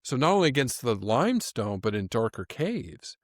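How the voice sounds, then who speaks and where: A man co-hosting a casual animal podcast, chatty and quick to laugh, often restarting his sentences. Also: mid-range voice, big pitch swings, no room sound, studio quality. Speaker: podcast co-host. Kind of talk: casual chat.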